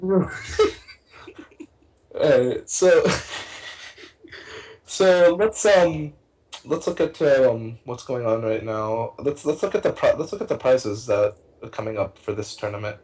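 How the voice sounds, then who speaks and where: Young male co-caster, casual and rambling, full of fillers, excitable. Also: medium pitch, takes it slowly, pauses often, rough recording. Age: young adult. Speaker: tournament co-caster. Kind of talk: casual esports casting.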